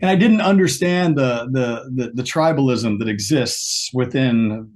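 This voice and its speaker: A man being interviewed over a video call, telling lively stories and acting out the quoted lines. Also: measured pace. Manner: animated storyteller, acts out quoted lines with a higher pitch. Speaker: guest guitarist. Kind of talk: storytelling in an interview.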